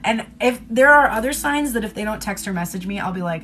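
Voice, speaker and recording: A woman's voice: mid-range voice, brisk, hardly any pauses, fairly bright tone. Chatty, laughing woman tarot reader. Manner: chatty and candid, laughs often, swears casually; loose, rambling delivery with many fillers. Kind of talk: casual livestream tarot reading.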